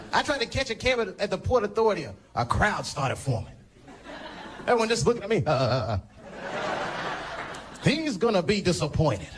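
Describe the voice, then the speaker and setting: A man's voice: high-pitched, slight background noise. A man performing a stand-up routine on a comedy stage, telling stories animatedly and jumping into character voices. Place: comedy stage before a live audience.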